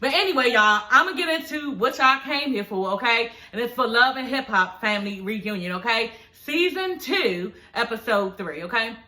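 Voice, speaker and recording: A woman recapping a reality show for her viewers in a casual, animated, profane way, talking with dental aligners in. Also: fairly high pitch, moderate pace, hardly any pauses. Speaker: YouTube reality TV reviewer.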